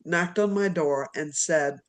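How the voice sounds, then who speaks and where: Rambling, animated woman telling stories. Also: low-pitched, takes it slowly. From Virginia, US. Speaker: literary agent, podcast guest. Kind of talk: storytelling in an interview.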